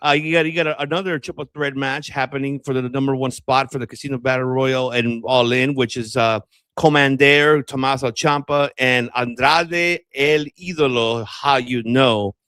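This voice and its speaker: A man's voice: medium pitch, steady tone, normal speed, fairly bright tone, clear, resonant tone, no room sound. A man co-hosting a wrestling podcast, talking bluntly and casually, swearing freely as he reels off a match lineup. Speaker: podcast co-host. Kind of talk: casual wrestling debate chat.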